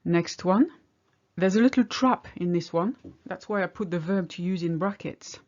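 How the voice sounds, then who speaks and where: A woman's voice: on the low side, normal speed, darkish tone, lo-fi sound. A woman teaching a language lesson, patiently explaining each example step by step. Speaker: French teacher.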